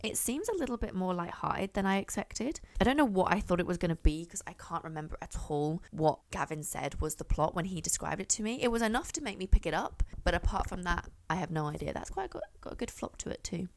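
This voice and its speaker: A woman's voice: lowish voice, lively intonation, fast talker, vocal fry, few pauses. A young woman chatting casually to camera as a book reviewer, rambling and often correcting herself.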